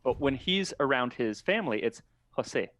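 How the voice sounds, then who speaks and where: A man's voice: medium pitch, animated, normal speed, fairly bright tone, dry recording, clean studio sound. Thoughtful man explaining on a podcast. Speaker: podcast guest. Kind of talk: casual podcast chat.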